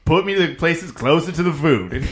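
A man's voice: on the high side, lively intonation, moderate pace, close to an everyday voice. A man doing a laid-back young guy with a put-on accent. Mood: joking. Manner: laid-back, self-mocking, laughing between words. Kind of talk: comedic improvised interview sketch.

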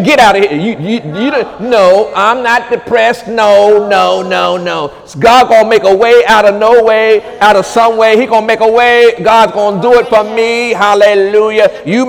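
High-voiced preacher shouting in a hall. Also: male voice, moderate pace, vocal fry, few pauses. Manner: swings from low murmurs to high shouted commands. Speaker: pastor. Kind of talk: charismatic sermon.

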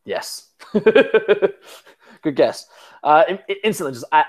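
A man's voice: fairly high pitch, very animated, slow. Rambling, profane man talking basketball. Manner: rambling, profane, many fillers and restarts. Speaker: podcast co-host. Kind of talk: casual sports chat.

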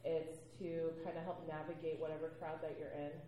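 A woman talking on a panel, animated and quick to laugh, acting out the people in her stories. Her voice sits low and mellow. The room around her is very echoey, with faint ambience behind. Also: slight background noise. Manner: animated storyteller, laughs often, acts out quoted voices. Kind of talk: panel discussion.

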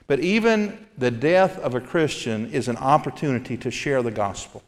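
A man's voice: mid-range voice, long reverb tail. A male pastor giving an earnest sermon from the pulpit and reading scripture aloud. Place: church sanctuary.

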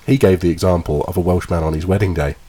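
Deep-voiced giggly English podcast host. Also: male voice, steady tone, fast talker, mellow, husky. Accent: Suffolk English. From England. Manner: giggly, rambling with many fillers. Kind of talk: casual comedy podcast chat.

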